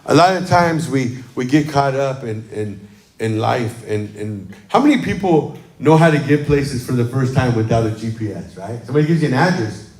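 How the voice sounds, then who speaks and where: In a roomy, livestreamed church sanctuary, a pastor with a mid-range voice and lively intonation talks at normal speed. His casual sermon is chatty, warm storytelling peppered with "um" and "amen."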